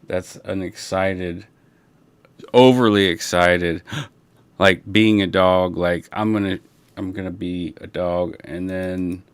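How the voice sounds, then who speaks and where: A man hosts a casual livestream, chatting and rambling at an unhurried pace. His voice is on the low side, smooth and clear, and he talks through a broadcast console. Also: dry recording. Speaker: livestream host. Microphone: broadcast console setup.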